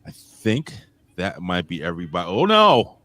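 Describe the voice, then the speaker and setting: A man's voice: deep voice, wildly swooping pitch, moderate pace, dry recording. A man hosting a casual wrestling podcast, joking around and calling out names from the live chat. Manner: shouts out chat commenters, jokey, swings loud and quiet. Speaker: podcast host.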